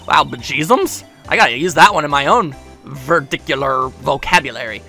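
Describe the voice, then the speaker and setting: A man's voice: a little high, lively intonation, brisk, creaky, sharp tone, soft background music. A man giving casual, joking, rambling gameplay commentary as a let's play host. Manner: joking, rambling, laughs often.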